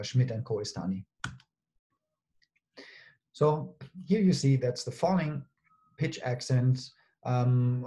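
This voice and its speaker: A man's voice: medium pitch, warm tone. A man presenting a linguistics conference talk, explaining step by step with frequent ums and okays. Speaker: linguistics lecturer.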